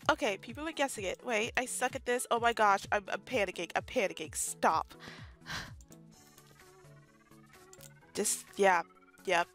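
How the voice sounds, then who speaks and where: A woman's voice: mid-range voice, fairly bright tone. A young woman casually commenting on her gameplay, chatty and self-deprecating, often laughing. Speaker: gaming YouTuber. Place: bedroom at home.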